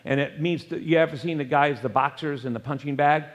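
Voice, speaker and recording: Man, pastor preaching, fairly high voice, emphatic rises and drops, long church reverb. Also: brisk. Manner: emphatic preaching with wide swings in pitch and loudness. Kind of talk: sermon. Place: church sanctuary.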